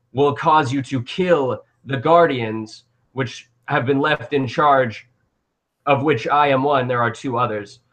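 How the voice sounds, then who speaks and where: A man doing a slow, lofty old guardian. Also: mid-range voice, fairly bright tone, natural voice.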